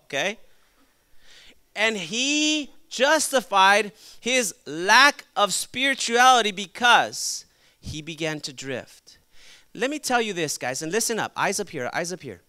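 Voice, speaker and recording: A man preaching a sermon to young people as their pastor, lively and acting out quoted voices. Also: extremely high pitch, measured pace, smooth, dry recording. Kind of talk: youth sermon.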